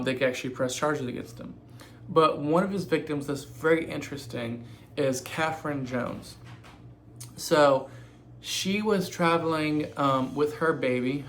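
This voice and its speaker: Man retelling a crime story, halting. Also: mid-range voice, a bit bright, a little hiss or hum. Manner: halting, many "um" fillers and self-corrections. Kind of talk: casual spoken retelling.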